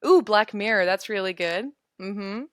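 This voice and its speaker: A woman's voice: medium pitch, measured pace, no room sound, clean studio sound. A young woman in her twenties teaching English in a casual live webinar, chatty and giggly as she answers viewer comments.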